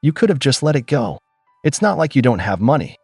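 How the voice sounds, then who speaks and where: A man's voice: mid-range voice, very animated, fairly quick, a little mellow, breathy edge, no echo, clean studio sound, soft background music, voice pushed up. A man voicing an entitled, angry younger brother who snaps and resents. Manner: snapping, resentful.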